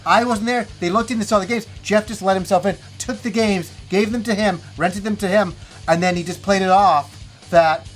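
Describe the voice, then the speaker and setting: A middle-aged man hosting a casual chat about games, telling stories with lively animation and plenty of swearing. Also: high-pitched, moderate pace, soft background music. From Canada. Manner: animated storyteller, swears freely. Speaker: host.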